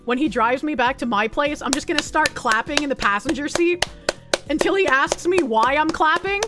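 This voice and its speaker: A woman's voice: sits high, normal speed, over loud music. A young woman streamer reading an article aloud and reacting with blunt, sarcastic, swearing commentary.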